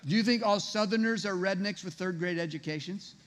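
High-voiced pastor preaching in a hall. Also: male voice, fairly quick, fairly bright tone. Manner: conversational, rhetorical questions to congregation. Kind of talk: sermon. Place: church sanctuary. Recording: reverberant hall.

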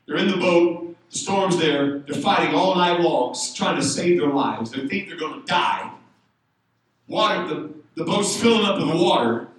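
Preacher in a booming echoey church. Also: male voice, moderate pace. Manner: storytelling, building to loud shouted exhortation. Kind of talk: sermon. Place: church sanctuary. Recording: echoey room, speaker far from the mic.

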